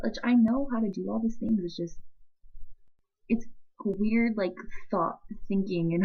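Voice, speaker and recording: A young woman vlogging about leaving home, teary and emotional, rambling and halting as she laughs through the tears. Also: medium pitch, highs cut off. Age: young adult. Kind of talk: emotional vlog confession.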